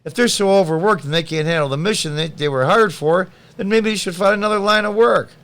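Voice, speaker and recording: A man's voice: sits high, quick pace, a bit bright, clear, resonant tone. A man hosting a podcast, reading news items aloud and answering them with blunt, sarcastic, combative political commentary. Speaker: podcast host.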